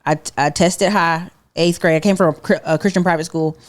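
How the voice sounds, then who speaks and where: A woman guest on a casual podcast, an expressive storyteller who acts out the people she quotes. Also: fairly low pitch, brisk. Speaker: podcast guest, digital marketer.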